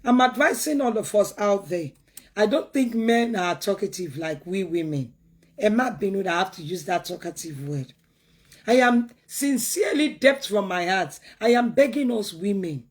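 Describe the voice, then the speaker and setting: A woman's voice: mid-range voice, lively intonation, moderate pace. A woman speaks in earnest talk-show commentary. She pleads and preaches, leaning on repeated words to drive each point home. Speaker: commentator giving advice.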